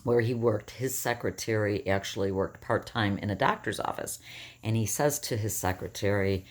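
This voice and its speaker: A woman in her fifties with a rough morning voice, telling a personal story to camera in a rambling, self-correcting way. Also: very deep voice, moderate pace, a little hiss or hum. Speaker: vlogger.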